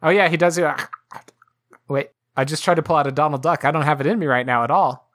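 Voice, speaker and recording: A young adult woman co-hosting a podcast in casual chat, ranting about a film with animated sarcasm. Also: sits low, fast, heavy background noise. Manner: animated, sarcastic, joking rants. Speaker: podcast co-host.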